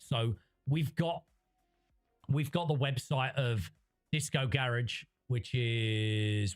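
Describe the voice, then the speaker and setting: A man's voice: medium pitch, slow pace, clean tone, faint music behind. A man rambling through livestream commentary, reading chat and restarting his sentences often. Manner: rambling, conversational, frequent restarts.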